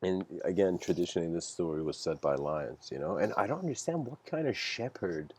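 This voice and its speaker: A man's voice: deep voice, animated, fairly quick, darkish tone, husky. A man giving a casual livestreamed lecture, rambling and using many "like" fillers as he tells stories. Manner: rambling, heavy use of "like" fillers.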